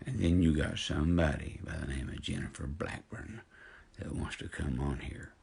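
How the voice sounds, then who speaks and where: A man's voice: very deep voice, normal speed, gravelly, a little mellow, breathy edge. A man in his fifties ranting indignantly to his online followers, preaching and calling people out directly. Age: 50s. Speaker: social media personality. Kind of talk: angry direct-to-camera rant.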